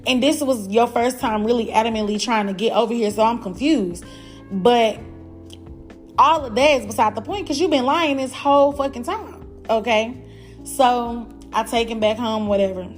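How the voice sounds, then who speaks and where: A young woman with a fairly high voice spins a story in a loose, blunt way, swearing freely and calling out to her listeners. Her talk is casual and animated, with faint music playing underneath. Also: normal speed. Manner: blunt, profane and animated, talking straight to listeners as "y'all". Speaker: podcast host.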